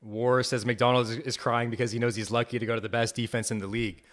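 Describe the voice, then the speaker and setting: Excited young man reacting live. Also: mid-range voice, quick pace. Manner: excited, enthusiastic, repeats himself. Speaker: podcast host. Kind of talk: live fan reaction commentary.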